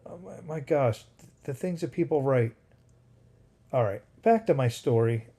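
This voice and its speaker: A man hosting a casual livestream at home at night, reading viewer comments aloud and drifting off into tangents with excitable reactions. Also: mid-range voice, unhurried, breathy edge. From United States. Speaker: livestream host. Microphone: phone.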